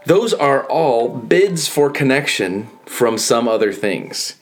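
A man's voice: medium pitch, expressive, a little slow, few pauses, faint music behind. A man giving an earnest, conversational motivational monologue, often repeating phrases for emphasis. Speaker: speaker giving a reflective talk.

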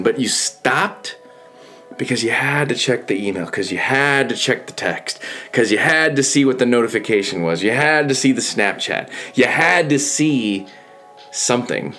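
A man's voice: mid-range voice, moderate pace, fairly bright tone, soft background music. A man giving an earnest, conversational motivational monologue, often repeating phrases for emphasis. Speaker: speaker giving a reflective talk.

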